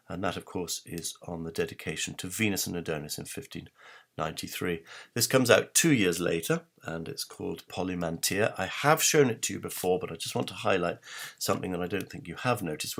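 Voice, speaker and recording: Low gravelly-voiced man explaining. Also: a bit bright. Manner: measured, persuasive, full of rhetorical questions; hesitant, with frequent ums and restarts. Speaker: presenter of an authorship-theory channel. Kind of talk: explanatory talk over book pages.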